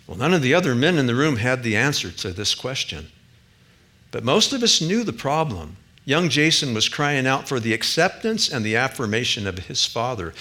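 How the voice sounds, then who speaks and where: A male pastor delivers a sermon in a bright, forceful voice. He talks earnestly, swelling to emphatic high points and then sinking low and soft. His pitch sits in an ordinary middle range for a man. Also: big pitch swings, moderate pace. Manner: earnest, rises to emphatic peaks then drops quiet.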